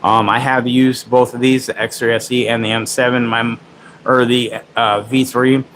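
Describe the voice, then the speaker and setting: A man in his forties talks through gear on a live stream in a loose, rambling way, pausing with fillers. There is a faint hiss of noise in the background. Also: mid-range voice, little pitch movement. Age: 40s. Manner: loose, rambling, swears casually. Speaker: tech livestream host. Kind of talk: casual livestream chat.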